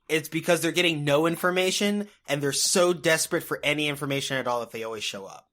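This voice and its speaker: A man's voice: fairly high pitch, a little fast, few pauses. A man co-hosting a podcast in casual, rambling chat, swearing freely. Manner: rambling, swears freely, bursts into loud laughter. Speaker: podcast co-host.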